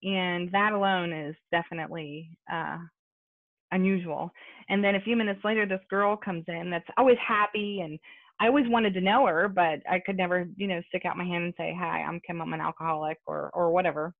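An American woman with a fairly low, steady, creaky voice speaks briskly as she shares her recovery story at a support meeting held over video call. Her testimony is conversational, full of fillers and asides, and the call audio is tinny and phone-like with no echo.

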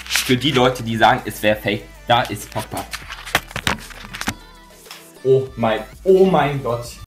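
Man, mid pitch, slow, exclaiming, faint music. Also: expressive. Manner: pleading, then exclaiming. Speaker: gamer reacting to pack opening.

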